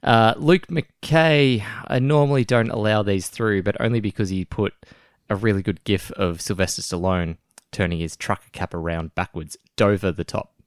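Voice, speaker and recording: A podcast co-host chats casually, laughing often and restarting his sentences. His voice is fairly low, clear and resonant, at a normal pace, recorded dry with clean studio sound.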